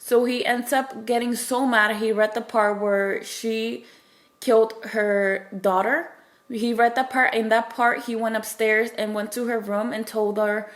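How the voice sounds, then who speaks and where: A woman's voice: fairly high pitch, steady tone, measured pace. A woman casually recapping a novel's plot for viewers, rambling with lots of fillers and restarts and acting out the characters' lines. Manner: acts out characters' quoted lines. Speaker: book reviewer. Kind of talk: casual spoilery book recap.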